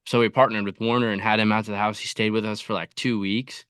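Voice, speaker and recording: A man's voice: fairly low pitch, flat delivery, fast talker, a bit bright, smooth, no room sound, clean studio sound. A man guesting on a podcast, telling his story in an easygoing way with lots of likes and you-knows. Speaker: podcast guest, content creator. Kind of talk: casual interview.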